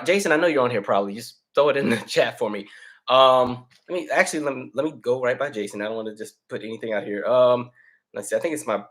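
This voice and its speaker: Male host doing laid-back live chat with viewers, slightly winded, easygoing delivery. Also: fairly low pitch. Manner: relaxed, chatty, reads viewer names aloud. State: out of breath. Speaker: livestream host. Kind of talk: casual livestream chat.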